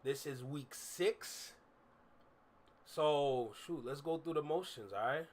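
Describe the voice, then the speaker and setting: Speaking slowly in a slightly high voice, a young man streams from his room and reacts to music. The chat is casual and candid, with rambling, repetition, and plenty of fillers.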